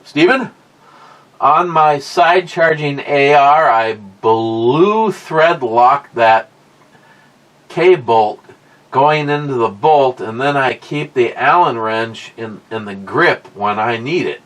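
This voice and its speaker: A middle-aged man tells a rambling, profane story at a slow, unhurried pace. His voice sits at an ordinary pitch, and he stumbles and repeats words as he goes. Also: a bit bright. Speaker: podcast host. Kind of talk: casual storytelling.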